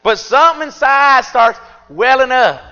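A fervent middle-aged male preacher with a high, bright, forceful voice. He swings from loud, emphatic peaks down to quiet, confiding asides. The recording is a bit dull and lo-fi, with faint music underneath. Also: expressive, a little slow. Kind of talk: sermon.

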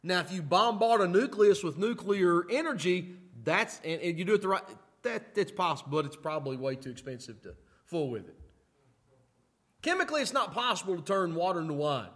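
A man preaching a sermon in a folksy way, often asking "okay?" and moving between loud emphatic lines and quiet asides. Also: sits high, very animated, a little fast. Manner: folksy, repeats "okay?" to check in with listeners. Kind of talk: sermon teaching.

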